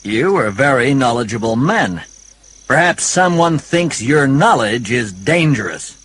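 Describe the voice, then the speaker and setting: A man's voice: medium pitch, animated, a little slow, fairly bright tone, husky. A man voicing a courteous young male pilot who talks politely with a light joking touch. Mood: friendly.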